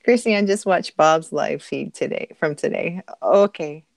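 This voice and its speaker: A woman's voice: low voice, lively intonation, unhurried, gravelly, darkish tone, dry recording. Chatty woman on a dry-sounding stream mic. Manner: laughs often, reads viewer comments aloud and answers them. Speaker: livestream co-host reading chat. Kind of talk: casual live stream chat.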